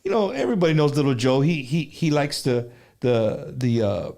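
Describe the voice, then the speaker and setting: A man's voice: mid-range voice, animated, normal speed, gravelly, darkish tone. A male show host, chatting in a laid-back way and dropping in Spanish words. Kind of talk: casual chat.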